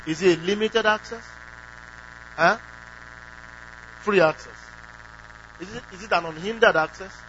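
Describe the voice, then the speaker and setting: Man preaching a sermon, fairly high voice. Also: unhurried, long pauses, sharp tone. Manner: emphatic, asks the congregation questions, acts out quoted prayers. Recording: dull lo-fi recording with faint hum.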